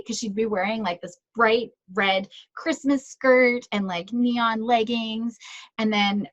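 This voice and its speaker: A woman's voice: fairly high pitch, fairly even intonation, slow, no echo. A woman psychologist giving a conversational talk to parents, often checking in with "right?" and telling stories about her own kids. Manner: conversational, tag questions and personal anecdotes. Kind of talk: presentation to parents.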